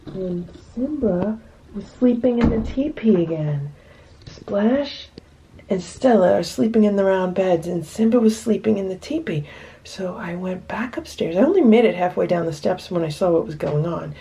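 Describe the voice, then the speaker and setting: Woman vlogging her cats at home, mellow, kinda gravelly, chatty, talks to the cats. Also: mid-range voice, a little hiss or hum. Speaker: cat rescuer vlogger. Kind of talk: casual home vlog narration.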